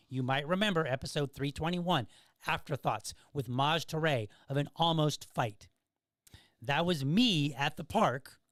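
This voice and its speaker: Podcast host, middle-aged man, fairly high voice, dry close recording, conversational and storytelling. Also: fairly bright tone, dry recording. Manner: conversational storytelling with frequent "okay?" and "right?" checks. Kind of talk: casual commentary monologue.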